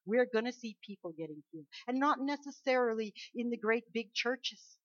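A woman preaching a sermon, emphatic, swinging between loud declarations and soft asides. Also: on the high side, lively intonation, moderate pace, no echo. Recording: dull lo-fi dry recording.

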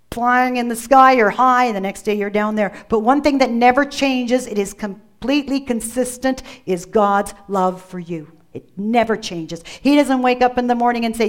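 A woman preacher delivering a sermon, emphatic, repeating key phrases and calling on listeners by name. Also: fairly high pitch.

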